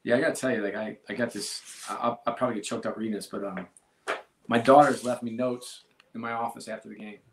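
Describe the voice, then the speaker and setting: Gravelly earnest man, roomy echo. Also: mid-range voice, steady tone, slight background noise. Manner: earnest, halting, many restarts. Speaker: sports executive, guest. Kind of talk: casual interview talk.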